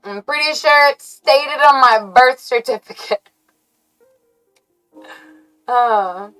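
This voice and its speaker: An American woman hosting a livestream, chatting to her viewers in a rambling, halting way that keeps correcting itself and breaks into giggles. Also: sits high, bright, forceful tone, faint music behind, poor audio. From United States. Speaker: livestream host. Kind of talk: casual stream chat to viewers.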